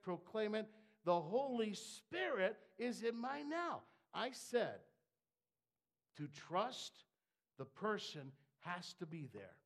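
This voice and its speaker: Gravelly preacher guy, slow and dramatic, voice jumps all over from hush to shout. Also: high voice. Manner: swings from hushed asides to shouted fervor. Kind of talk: sermon.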